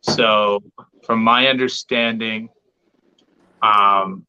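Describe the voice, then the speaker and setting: A man's voice: fairly low pitch, fairly even intonation, drawn-out words, highs cut off, music in the background. A man hosting a live stream, talking in a chatty, loose way with fillers. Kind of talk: casual live stream talk.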